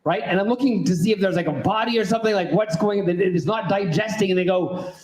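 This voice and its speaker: High-voiced man doing stand-up in a roomy club. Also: quick pace, a little mellow. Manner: rambling, self-deprecating storytelling with lots of ums. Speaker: stand-up comedian. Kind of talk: stand-up set. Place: comedy club stage with audience.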